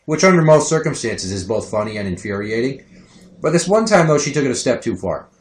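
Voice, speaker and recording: Thirties man hosting a podcast: crude, animated anecdotes, mid-pitched, echoey basement sound. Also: brisk. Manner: profane, animated storytelling. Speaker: podcast host. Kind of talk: casual chat. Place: home basement. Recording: roomy echo.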